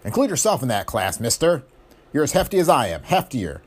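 A man's voice: medium pitch, big pitch swings, fairly quick, breathy edge. A man voicing a tough, wisecracking male private eye who throws out sardonic, cocky jabs.

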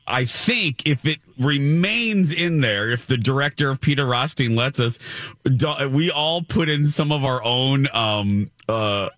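A man's voice: mid-range voice, no room sound. A man hosting a morning show in casual chat, telling stories with many restarts. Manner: animated storyteller, many restarts.

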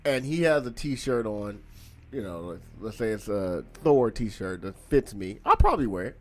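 A man co-hosting a casual podcast chat, arguing his point in an animated way. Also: lowish voice, normal speed. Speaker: podcast co-host.

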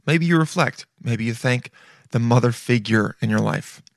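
A man's voice: mid-range voice, normal speed, vocal fry, dry recording. A man hosts his podcast alone, riffing in a loose comedic monologue full of swearing and friendly "dude"s. His voice sits in an ordinary middle register. The recording is dry and close. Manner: profane, rambling, chummy, says dude a lot. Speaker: podcast host.

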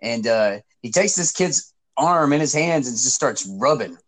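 A man's voice: mid-range voice, measured pace. A young man, joking and swearing in casual chat with his older brother. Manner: lively, joking, profane.

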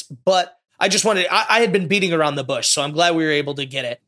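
High, bright, gushing man. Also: steady tone, fast talker, few pauses. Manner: effusive, emotional, gushing. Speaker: podcast co-host. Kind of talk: casual movie discussion.

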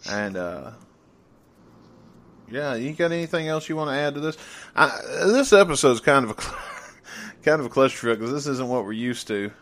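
A man co-hosting a podcast in loose, casual chat, stumbling over his words and laughing easily. His voice sits at an ordinary middle pitch. He is from the American South. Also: lively intonation, normal speed, a bit bright. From United States, the South. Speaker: podcast co-host.

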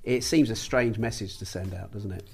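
A man's voice: lowish voice, normal speed, gravelly, husky. A man on a football podcast, a co-presenter making dry, wry remarks and tag questions. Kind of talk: casual podcast chat.

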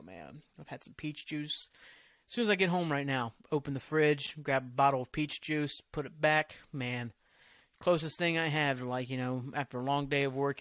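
A man's voice: mid-range voice, fairly bright tone, dry recording. A man hosting a solo podcast, rambling from topic to topic in loose, profane talk that often trails off. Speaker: podcast host.

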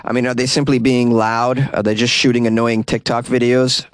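A man's voice: mid-range voice, little pitch movement, moderate pace. A man with a mid-range voice reads weird news stories and keeps breaking off into sarcastic jokes about them. The sound is close and dry, with no room echo. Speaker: podcast host. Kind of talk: comedic news commentary. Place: small closet.

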